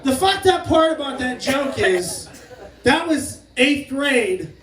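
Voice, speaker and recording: Man, stand-up comic, very high voice, brash profane storytelling, loud bursts, roomy live room, audience laughter. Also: big pitch swings, takes it slowly, far from the mic. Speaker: stand-up comedian. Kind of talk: stand-up comedy set. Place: crab shack venue with live audience. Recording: roomy live recording from off-mic, crowd laughter.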